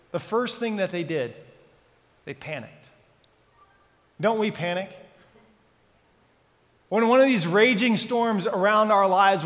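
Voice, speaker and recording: A man preaching a sermon as pastor, dramatic and full of questions to the congregation. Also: sits high. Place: church sanctuary. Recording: church hall reverb.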